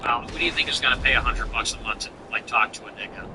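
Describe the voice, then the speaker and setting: A man's voice: animated, fast, few pauses, noisy background. A man hosting a livestream, chatting casually and sarcastically while answering donations. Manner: sarcastic, mocking, swings pitch for effect. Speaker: show host.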